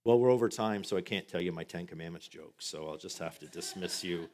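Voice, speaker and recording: Pastor, male, very low voice, earnest and halting, for a sermon close. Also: a little mellow. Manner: earnest, halting prayer with repeated words. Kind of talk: sermon and closing prayer, then a told joke.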